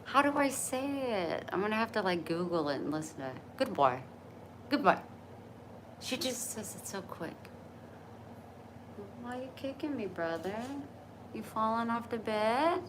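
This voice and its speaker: A woman's voice: fairly high pitch, expressive, moderate pace, background noise. A woman livestreaming from her bedroom at night on her phone, chatty and encouraging as she reads and answers viewer comments. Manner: chatty, encouraging, laughs easily. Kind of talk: casual livestream chat.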